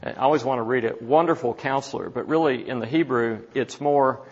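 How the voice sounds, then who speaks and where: A man teaching from the Bible in a sermon, slow and deliberate, asking his listeners questions. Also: medium pitch, highs cut off. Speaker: preacher.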